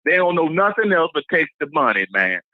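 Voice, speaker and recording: A high-pitched man calling in to a talk show. He speaks passionately, repeating his points as if preaching. His voice comes through a dull, lo-fi phone line with little room sound. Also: very animated, a little fast, no room sound. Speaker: caller. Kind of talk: casual call-in rant.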